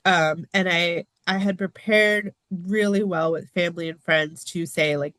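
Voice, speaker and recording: Earnest, expressive woman guest. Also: unhurried, few pauses, dry recording. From United States. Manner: earnest, open and expressive, with frequent small laughs; acts out quoted remarks with lively pitch jumps. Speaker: podcast guest. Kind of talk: casual interview talk.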